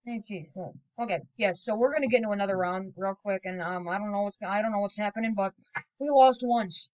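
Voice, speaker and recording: Rambling, excitable woman gamer. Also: medium pitch, brisk, low-quality recording. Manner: rambling and excitable, with sudden loud exclamations. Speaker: gaming video creator. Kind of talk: casual gameplay commentary.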